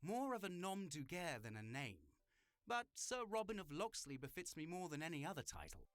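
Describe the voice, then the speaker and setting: A man's voice: on the high side, sing-song, normal speed, a bit bright. A man voicing a courtly, roguish male arcade thief with theatrical, old-fashioned phrasing, reading a visual novel aloud.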